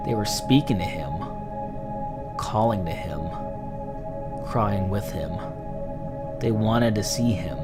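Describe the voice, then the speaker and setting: A man narrating a scripted horror story in a slow, measured, dramatic way. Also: lowish voice.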